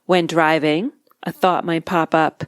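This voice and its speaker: A woman hypnotist talks through her methods on a podcast in a calm, measured voice. She lands key phrases slowly and deliberately. The recording is dry and close, with no room sound. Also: low voice, smooth, no echo. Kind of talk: instructional podcast monologue.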